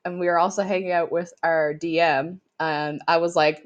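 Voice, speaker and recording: A woman's voice: on the low side, fairly even intonation, moderate pace, few pauses. Chatty, laughing woman co-hosting a podcast. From Canada. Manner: chatty storyteller, laughs often. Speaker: podcast co-host. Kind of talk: casual chat.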